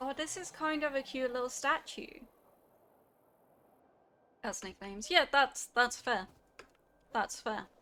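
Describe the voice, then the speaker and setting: A woman's voice: high voice, expressive, slow pace, pauses often, bright, forceful tone, soft background music. A woman streamer chatting casually with her viewers while she plays a game, reacting animatedly to their comments. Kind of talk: casual gameplay chat with chat.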